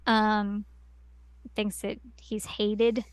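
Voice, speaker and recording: Speaking very slowly with a flat, smooth, medium-pitched voice, a woman co-hosting a podcast goes over a story's plot in casual conversation. She rambles, using many fillers and restarting often, and the recording is dry.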